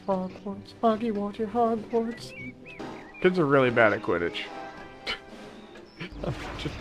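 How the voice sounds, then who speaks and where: A young man giving casual, joking commentary as he plays a video game, chatty and self-mocking. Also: mid-range voice. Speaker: gaming channel host. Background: game music.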